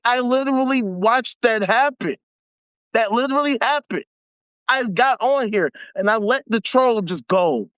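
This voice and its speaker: A man's voice: sits high, fairly bright tone, dry recording. A man hosting a live stream, ranting angrily and sarcastically with heavy swearing. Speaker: livestream host. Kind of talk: angry profane rant.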